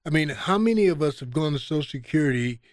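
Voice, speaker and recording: Animated man telling lively stories. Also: on the high side, fast, no room sound, clean studio sound. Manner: animated, acts out quoted exchanges in a raised voice. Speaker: guest. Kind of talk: conversational storytelling.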